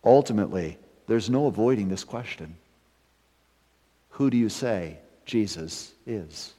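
A man preaching a sermon as pastor, building to emphatic rises and then dropping to hushed, serious lines. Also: fairly low pitch, unhurried. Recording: long hall reverb.

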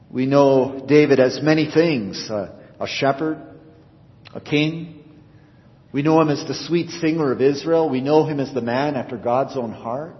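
A male pastor preaches earnestly to his congregation. His voice climbs for emphasis and drops low as each phrase closes. It rings with a long church reverb, and the recording sounds dull and muffled. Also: a little slow. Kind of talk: sermon.

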